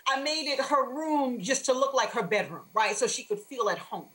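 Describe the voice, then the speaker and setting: A woman author, a guest on an interview show, telling a faith-filled personal story in an animated, expressive way. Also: high voice, normal speed, rough recording.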